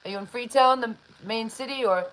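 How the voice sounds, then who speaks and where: A woman hosting a live online interview, chatty and enthusiastic, with many shout-outs. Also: fairly high pitch, brisk, poor audio. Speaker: interview host.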